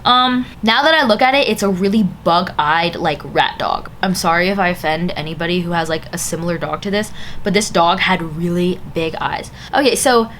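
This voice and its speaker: A woman's voice: lowish voice, brisk, a bit bright, slight background noise. A young woman vlogger telling a casual storytime, chatty and full of "like" fillers.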